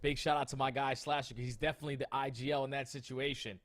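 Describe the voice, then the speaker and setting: Male esports caster, excitable and slangy, mid-pitched voice. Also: fast. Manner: hyped, enthusiastic, casual slang. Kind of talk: esports desk commentary.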